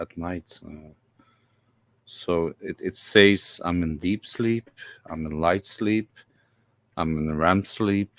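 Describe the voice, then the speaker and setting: A deep-voiced man hosts a casual live stream from home with no echo, speaking haltingly, repeating words often and chuckling a lot.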